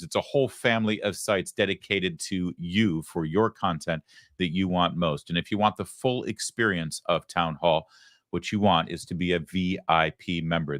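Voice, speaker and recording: In studio-quality audio with no room sound, a middle-aged man from Michigan delivers a sarcastic political talk-show monologue. His voice sits low with a bit of brightness, and he punctuates his emphatic points with quick asides.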